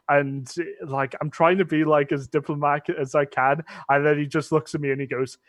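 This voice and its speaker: A cosplayer chatting on a live stream, telling stories with restarts and laughs. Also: male voice, mid-range voice, little pitch movement, a little fast, few pauses, a bit bright, no echo. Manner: rambling storyteller with restarts and laughs. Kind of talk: casual chat.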